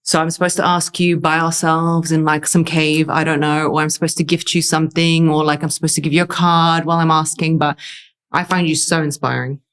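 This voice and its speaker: Young woman, podcast host, low voice, chatty, frank, casual interview chat. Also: level tone, fairly quick, a bit bright, clean tone. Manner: chatty, frank, with fillers like "like" and "you know".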